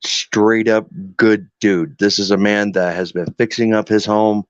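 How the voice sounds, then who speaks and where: A man chatting casually as a guest on an online call, telling animated stories about his caregiving, acting out dialogues and swearing freely. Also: lowish voice, a little slow, clean tone, no echo. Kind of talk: casual chat. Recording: muffled lo-fi call audio.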